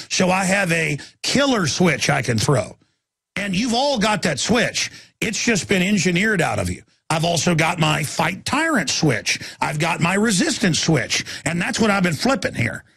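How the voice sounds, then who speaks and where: A man's voice: high-pitched, vocal fry, a bit bright, slightly rough, no room sound, clean studio sound. A man from Texas, hosting a talk radio show and ranting in a heated, rambling way, often repeating words as he restarts.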